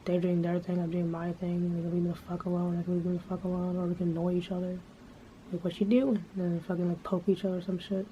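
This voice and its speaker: Low-voiced woman rambling, lo-fi. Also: little pitch movement, fast talker. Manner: profane, rambling, lots of filler words. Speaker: vlogger. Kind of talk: casual rambling monologue. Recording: dull lo-fi sound with faint background noise.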